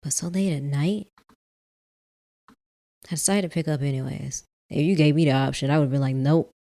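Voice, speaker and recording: A woman hosting a let's play, reading a visual novel in the first person, softly, with casual asides. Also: low voice, steady tone, moderate pace.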